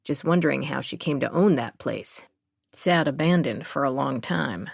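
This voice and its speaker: Woman reading a gruff, low-voiced blunt man for an audiobook, dry close sound. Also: animated, normal speed, dry recording, exaggerated voice. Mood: reflective. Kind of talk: audiobook character voice.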